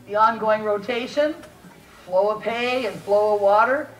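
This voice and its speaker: A woman's voice: mid-range voice, steady tone, a little slow. A woman docent giving a folksy, homespun tour presentation on a mining dredge. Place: outdoors on a dredge barge. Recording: roomy distant sound with faint noise.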